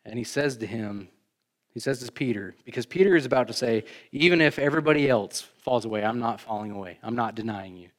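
A male pastor delivers a sermon in a conversational, emphatic way. His voice sits at an ordinary middle pitch, climbing sharply for the key points and sinking quietly afterward, with casual asides to the congregation. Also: animated, brisk. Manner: emphatic, rising for stresses, then dropping low.

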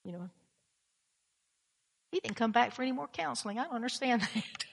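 A woman's voice: a little high, animated, a little fast, vocal fry, big-room sound. A woman pastor preaching a blunt, emphatic sermon, often repeating her key phrases.

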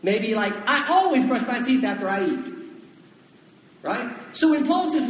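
A man's voice: very high voice, expressive, normal speed. A man preaching a sermon as pastor, talking conversationally and putting questions to the congregation. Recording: echoey hall, dull sound.

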